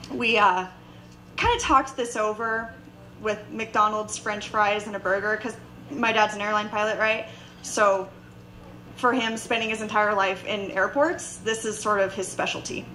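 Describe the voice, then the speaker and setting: A young woman telling a personal story live on stage, animated and acting out the quoted voices. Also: a little high, rough recording. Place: bar stage before a live audience.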